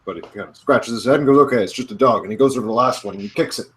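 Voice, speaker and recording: A man's voice: mid-range voice, very fast, rough recording. A man in a casual online chat, telling a long joke in a laid-back way. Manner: easygoing, laid-back storyteller.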